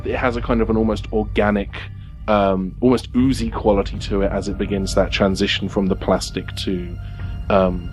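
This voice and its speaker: A man narrating as game master of a tabletop game, halting and restarting as he describes scenes, recorded at a game café. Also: lowish voice.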